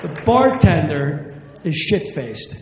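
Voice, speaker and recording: A man's voice: a little high, sing-song, slow pace, a crowd in the background, noisy background. A man from New Jersey doing a brash, profane stand-up comedy routine. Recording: echoey live club with long reverb.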